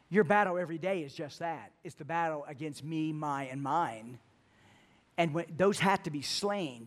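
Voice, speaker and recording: A middle-aged man preaching a sermon as pastor, earnest, often repeating words as he builds to a point. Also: on the high side.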